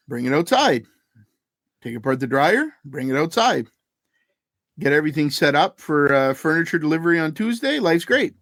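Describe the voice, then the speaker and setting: A man's voice: fairly high pitch, no echo, clean studio sound. A man co-hosting a podcast, telling a long story in casual chat, swearing often and acting out what people said. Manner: profane, animated anecdote telling. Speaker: podcast co-host.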